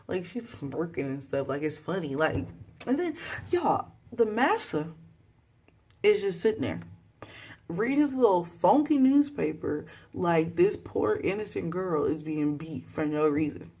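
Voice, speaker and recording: A young woman reviewing a TV episode in a casual vlog. She reads her own tweets aloud and rambles in a chatty, animated way, full of sassy asides and sound effects. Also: on the low side, unhurried, husky.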